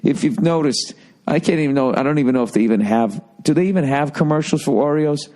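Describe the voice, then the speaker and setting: A man's voice: fairly high pitch, fast talker, mellow. A man in his forties, a podcast host, telling a loose, profane and self-deprecating comic rant that rambles and restarts mid-sentence. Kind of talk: casual comedic rant.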